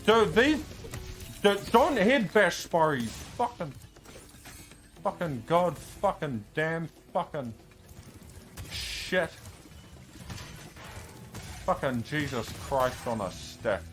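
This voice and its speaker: Slow-talking swearing speedrunner man. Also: on the high side, very animated, faint music behind. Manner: frustrated, swears and shouts at enemies. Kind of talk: live gameplay commentary.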